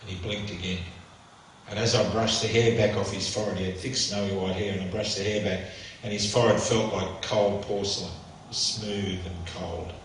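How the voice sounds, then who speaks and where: Brief: middle-aged male speaker, lowish voice, storytelling talk, recorded from afar in a very echoey church with faint hiss. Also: level tone, a little fast. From Australia. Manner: vivid, emotional storytelling, acting out dialogue. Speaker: motivational speaker. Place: church hall. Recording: echoey church hall from far off, faint noise.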